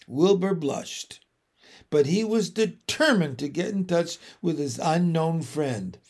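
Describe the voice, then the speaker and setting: A man narrating a children's novel in a gentle storytelling manner. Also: fairly high pitch, animated, slow.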